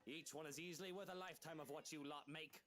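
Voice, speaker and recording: A man's voice: fairly high pitch, fairly even intonation, fast, fairly bright tone, natural voice. A man playing a haughty perfectionist husband. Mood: condescending. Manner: haughty, condescending. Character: fussy perfectionist rich young husband.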